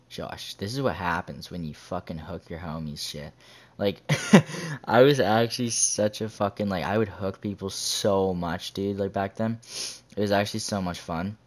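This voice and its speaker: A young man telling a story casually over gameplay, slangy and full of swearing. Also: low voice. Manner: profane, slangy, says "dude" constantly. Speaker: gaming vlogger.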